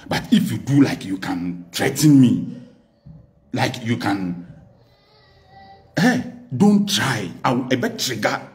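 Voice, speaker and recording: Ghanaian guy on a tv interview, mid pitch, defiant and emphatic, keeps mixing english and twi. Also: sing-song, slow, pauses often, a little mellow. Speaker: political guest. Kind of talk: unscripted TV interview.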